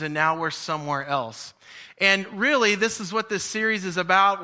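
A man's voice: sits high, sharp tone, clean tone. A man preaching a sermon in a conversational, storytelling way, acting out the voices in his stories. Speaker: pastor.

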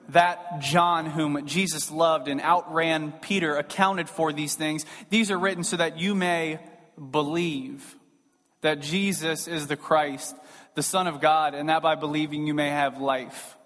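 Man, pastor, conversational emphatic sermon, fairly high voice, long hall reverb. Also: fairly bright tone. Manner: conversational, emphatic preaching with acted asides.

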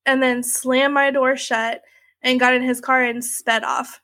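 A woman's voice: sits high, flat delivery, unhurried, pushed and bright, no room sound. A woman telling her own story in a candid, conversational way, with many fillers like "like" and "you know". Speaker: interviewee sharing her story.

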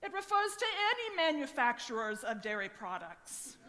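A man's voice: extremely high pitch, big pitch swings, moderate pace, bright, forceful tone, long reverb tail, exaggerated voice. A woman voicing a pompous, pedantic upper-class Englishman in a sermon retelling. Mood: condescending.

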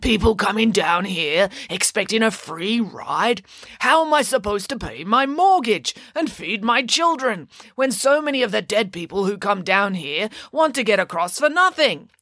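A woman's voice: medium pitch, sing-song, normal speed, fairly bright tone, no echo. A woman voicing a weary male boatman who complains about people who will not pay, in a storybook tale. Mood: fed up. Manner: put-upon complaining.

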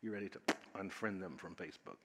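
Animated male minister preaching. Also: deep voice, fast talker, in a large hall. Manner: animated storytelling, swinging from loud and laughing to hushed and whispery; leads the audience through a guided exercise. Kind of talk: sermon.

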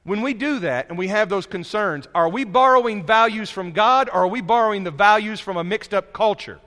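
Man, preacher, sermon, conversational, animated, high voice, long hall reverb. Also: a little fast. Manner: conversational, animated storytelling, frequent restarts.

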